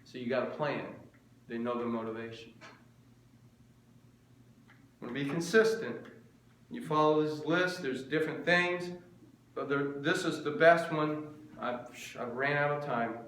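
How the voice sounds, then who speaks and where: A man's voice: medium pitch, measured pace, long pauses, a bit bright, roomy sound, a little hiss or hum. A middle-aged man preaching a sermon, earnest and repetitive, firing off rhetorical questions.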